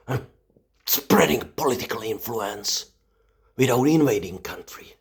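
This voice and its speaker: A man's voice: medium pitch, sing-song, unhurried. A man delivering a mocking, profane satirical rant in broken English, dropping into whispers and breaking into laughter. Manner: broken, non-native English grammar. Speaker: vlogger. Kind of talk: satirical ranting monologue.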